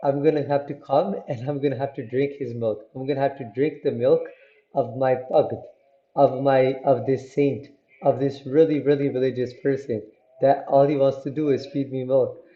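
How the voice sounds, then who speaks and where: A man's voice: medium pitch, fairly even intonation, normal speed, echoey room, muffled recording, close to an everyday voice. God, kind and reassuring, voiced by a man.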